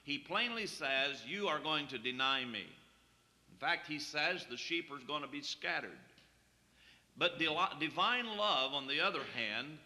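A man's voice: a little high, expressive, unhurried, pushed and bright, big-room sound. A man preaching a sermon, reading King James scripture aloud and then explaining it plainly to the congregation.

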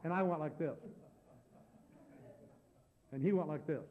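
High-voiced folksy male preacher. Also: a little slow. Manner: folksy and animated, building to loud preaching. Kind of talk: storytelling sermon. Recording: dull lo-fi recording.

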